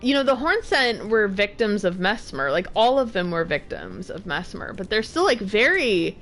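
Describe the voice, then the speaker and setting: A woman's voice: mid-range voice, sing-song, normal speed, fairly bright tone. A young woman chats through a game stream, tired and yawning but still laughing often. Her voice rises and falls a lot as she reads item text aloud and trails off mid-thought. Faint music plays behind her. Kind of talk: casual live-stream commentary.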